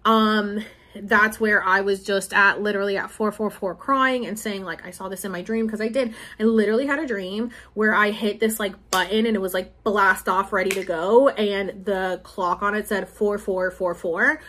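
A woman's voice: medium pitch, fairly even intonation, normal speed, sharp tone. A young woman in her twenties talking casually and emotionally, rambling with many fillers as she shares a personal spiritual update. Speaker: spiritual vlogger and podcaster.

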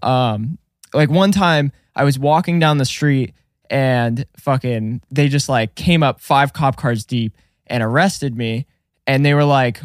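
A young man telling stories in casual podcast chat, profane and animated. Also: medium pitch, a little slow, no room sound, clean studio sound.

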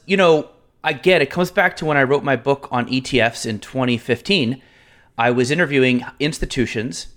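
A man co-hosting a podcast, telling stories in a chatty, animated way with fillers. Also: medium pitch. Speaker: podcast co-host. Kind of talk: casual podcast chat.

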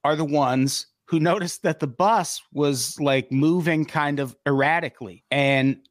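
A man hosting a comedy podcast, telling stories in an animated way and swearing freely. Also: measured pace, dry recording, clean studio sound. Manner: animated, profane storytelling with big pitch swings. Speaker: podcast host.

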